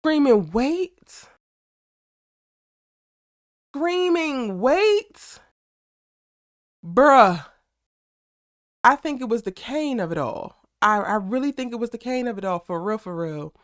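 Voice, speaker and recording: Animated woman hosting a live chat. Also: medium pitch, fairly quick, few pauses, dry recording, studio quality. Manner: animated, slangy, talks straight to her chat. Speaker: YouTube live aftershow host. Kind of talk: casual live-stream chat.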